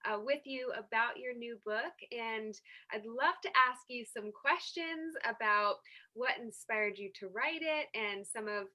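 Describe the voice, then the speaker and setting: A woman interviewing an author for a publisher, asking long, halting questions with frequent pauses and restarts. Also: fairly high pitch, bright, forceful tone. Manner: halting, many fillers and restarts.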